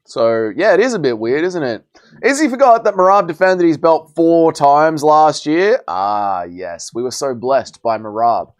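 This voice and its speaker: Lively man hosting a livestream. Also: fairly high pitch, a little slow. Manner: bantering, reads and answers chat messages aloud. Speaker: livestream host. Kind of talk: casual live chat reading viewer messages.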